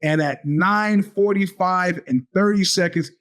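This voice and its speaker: A man's voice: sits high, measured pace. A man in his fifties hosting a podcast, telling a long rambling story and acting out the voices of the people in it. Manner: animated, acts out quoted voices. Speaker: podcast host. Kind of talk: storytelling monologue.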